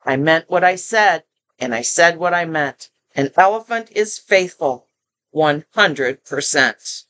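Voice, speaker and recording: An older woman reading a picture book aloud, voicing a kind and faithful male elephant who speaks in a steady, solemn way. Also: low-pitched, takes it slowly, voice pushed down, exaggerated voice. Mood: steadfast.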